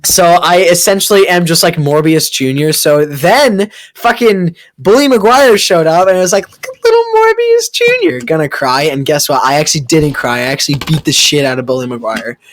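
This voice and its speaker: A man's voice: on the high side, normal speed, few pauses, fairly bright tone, slight background noise. A young man improvising a crude tall tale late at night in a rambling way, full of fillers and restarts, on a computer mic during a game recording. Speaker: friend telling a story.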